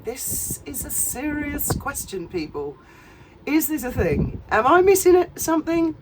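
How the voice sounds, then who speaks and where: A woman's voice: high-pitched, big pitch swings, a little slow, distant mic, noisy background. A middle-aged woman, giving a sarcastic, profane commentary with laughing asides. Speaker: commentary channel host. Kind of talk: casual commentary.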